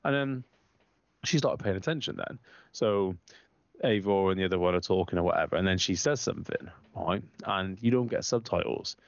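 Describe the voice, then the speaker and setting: Man, low voice, gravelly, rambling casual storyteller, dull dry recording. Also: brisk, dry recording. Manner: rambling storyteller, animated, quoting others in raised voice. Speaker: podcast co-host. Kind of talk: casual banter, swearing.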